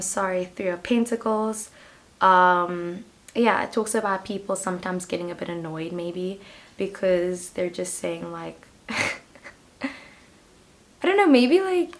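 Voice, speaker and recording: A woman with a South African accent giving a casual pick-a-card tarot reading, talking in a chatty, rambling way and leaning on "like". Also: lowish voice. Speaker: tarot reader.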